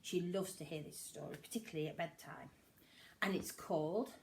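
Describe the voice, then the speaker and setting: An older woman with a grandmother's manner, animated and expressive, reading a picture book aloud to children. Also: lowish voice, moderate pace. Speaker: storyteller.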